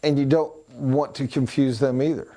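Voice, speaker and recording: A man teaching a sales training class in a conversational way, sometimes putting on voices and accents to make a point, and pausing to write on a board. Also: medium pitch, fairly even intonation, dark tone. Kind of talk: recorded training lecture.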